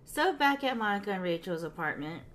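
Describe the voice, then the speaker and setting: A woman's voice: medium pitch, very animated, fairly quick, fairly bright tone, a little hiss or hum. Chatty woman retelling a sitcom episode. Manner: chatty, fills with "you know" and "like", laughs often. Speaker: podcast co-host. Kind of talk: casual recap of a sitcom episode.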